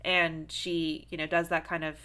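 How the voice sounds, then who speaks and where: A woman talks casually on a podcast, her bright, forceful voice sitting a little low. She is animated, full of fillers, and breaks into big laughs. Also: moderate pace, smooth. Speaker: podcast co-host. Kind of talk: casual film discussion.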